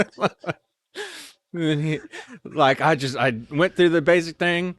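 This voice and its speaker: A man's voice: on the high side, slow pace, fairly bright tone, dry recording. A man telling funny stories in a casual, rambling way, full of "like" and "you know.". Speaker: storyteller guest. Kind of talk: casual anecdotal storytelling.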